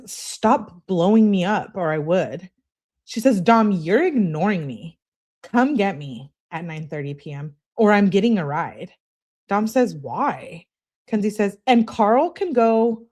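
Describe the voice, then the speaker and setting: A woman's voice: lowish voice, a little mellow. Woman, channel host, casual read-aloud, blunt profane asides, chatty with viewers. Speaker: channel host reading case evidence. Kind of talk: casual reading of text messages with running commentary.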